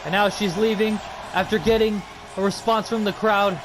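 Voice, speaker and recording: Excitable high-voiced male wrestling commentator. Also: moderate pace, background noise. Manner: excitable, exclamatory. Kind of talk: play-by-play commentary.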